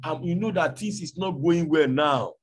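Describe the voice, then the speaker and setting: A man voicing a patient, loving husband who gently pleads with his wife. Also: fairly high pitch, normal speed, natural voice. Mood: soft apologetic. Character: patient loving poor husband, soft-spoken.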